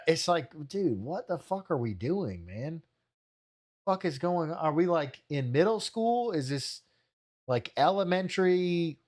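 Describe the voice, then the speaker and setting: A man's voice: fairly high pitch, animated, measured pace. A man streaming, reacting to a clip with exasperated, profane ranting commentary.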